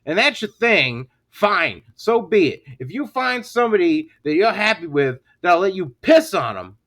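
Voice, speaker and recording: A man co-hosting a crude comedy podcast, telling stories with animated delivery and dropping low for quoted voices. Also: moderate pace. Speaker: podcast co-host.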